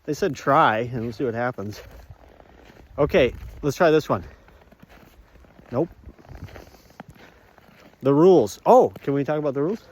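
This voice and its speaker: A man's voice: mid-range voice, lively intonation, measured pace, long pauses. A man talking casually in a walk-and-talk vlog, playful and rambling, often drifting into sing-song and laughter. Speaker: vlogger. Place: outdoors on a walk.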